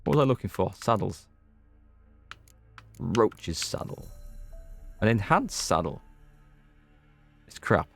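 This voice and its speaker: A man's voice: on the low side, animated, slow, gravelly, pauses often, faint music behind. A man with a North Yorkshire accent, chatting casually and rambling while he plays a game and talks to his viewers. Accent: North Yorkshire English. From North Yorkshire, England. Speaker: let's play gamer. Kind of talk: casual gameplay commentary.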